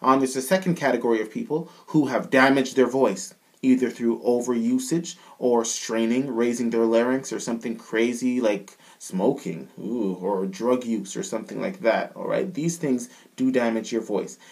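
A man's voice: medium pitch, fairly even intonation, moderate pace, vocal fry, hardly any pauses. A male vocal coach with a Canadian accent explains singing technique in an easygoing, chatty way. He keeps checking in with his listeners as he talks them through each point. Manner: casual, keeps checking in with "all right?". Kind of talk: video singing lesson.

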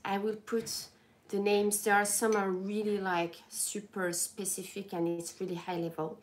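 A young woman talks casually to her viewers in a sleepy morning voice. She speaks slowly and haltingly, often stopping to restart her sentences. Her pitch sits in a middling range. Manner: slow, groggy, halting with many restarts. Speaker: lifestyle livestreamer.

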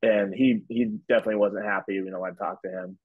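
A slightly rough, fairly low voice with fairly even intonation comes from a man in his twenties who speaks at a quick pace. As a podcast guest, he tells a casual, rambling story peppered with "like" and "whatever." Dull lo-fi audio, dry recording.

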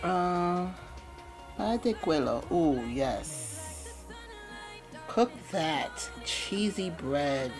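A woman's voice: low-pitched, big pitch swings, drawn-out words, pauses often, over music. A woman hosting a gameplay video, chatting playfully and casually with slangy asides. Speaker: let's play host.

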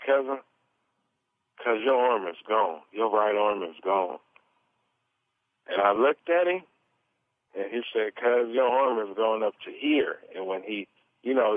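A man's voice: medium pitch, no echo. Man telling his story over a tinny phone. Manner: earnest, storytelling, animated retelling. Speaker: interview guest. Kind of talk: testimony in a phone interview.

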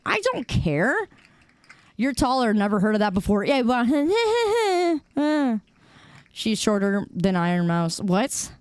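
A woman's voice: on the high side, very animated, slow, smooth, no echo. A young woman streamer chatting casually with her viewers, bantering playfully and teasing back with mock defensiveness.

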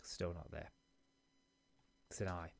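A let's-play host, an adult man with a school-age daughter, plays a game in his small home office and comments casually, drifting into self-deprecating asides. He speaks slowly in a low, level voice with vocal fry.

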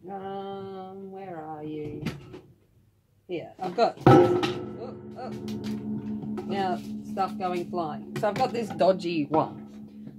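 Chatty woman, low voice, rambling colour-along vlog host.

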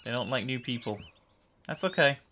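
Excitable young man narrating his gameplay. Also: mid-range voice, moderate pace. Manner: chatty, excitable, often laughing and yelling at the game. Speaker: gameplay commentator. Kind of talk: casual let's-play commentary.

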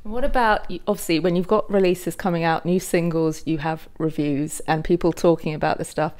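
A woman's voice: on the low side, steady tone, a little fast, a little mellow. A woman, a music journalist, asking an interview guest long and friendly questions.

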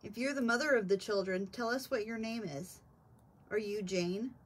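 A woman investigating a haunted house, asking the spirits slow, patient and coaxing questions from a basement. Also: medium pitch. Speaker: paranormal investigator. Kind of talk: questioning spirits in a ghost hunt.

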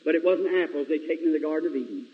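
A man preaching a sermon in a large church, storytelling dramatically with sudden swings between loud and hushed delivery. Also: a little high, rapid-fire, breathy edge. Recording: lo-fi 1950s reel recording, long hall reverb.

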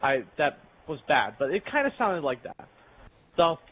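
A man's voice: a little high, very animated, a little slow, a bit bright, husky, rough recording. A young man casually telling a rambling, profane story while playing a game with friends. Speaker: channel host.

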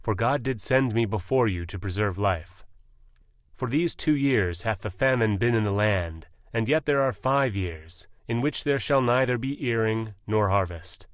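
A man reading the lines of a grown ruler who reveals himself to his brothers, in an earnest, measured delivery. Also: lowish voice, expressive, no room sound, clean studio sound.

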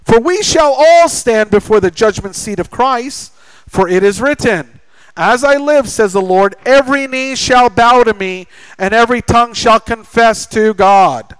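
An American man preaching a sermon as pastor, lively and acting out the voices of people he describes. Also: very high voice, a little slow, clean tone, no echo, poor audio.

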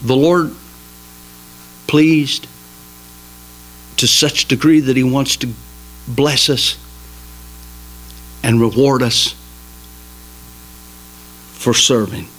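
A man preaching a sermon in a small church, emphatic and folksy, swinging between loud exhortation and quiet asides. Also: mid-range voice, very slow, pauses often, low-quality recording. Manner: folksy, jokes with the congregation. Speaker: pastor.

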